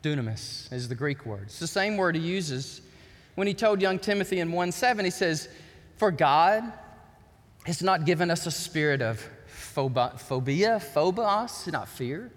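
A middle-aged male pastor preaching an impassioned sermon, swinging from shouts to quiet storytelling. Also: fairly high pitch, expressive, unhurried. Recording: long hall reverb.

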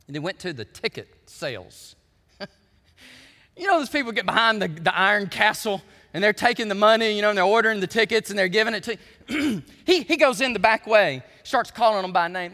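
A man preaching a sermon, telling stories with lively asides to his listeners. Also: high-pitched, fairly quick, in a large hall. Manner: animated storytelling with asides to the audience. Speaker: pastor.

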